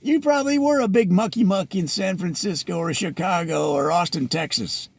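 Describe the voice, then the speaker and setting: A man delivering a comedic parody rant in a preachy, mock-exasperated way, now and then bursting into shouts. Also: high voice, normal speed, creaky, husky, no room sound. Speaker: comedic presenter.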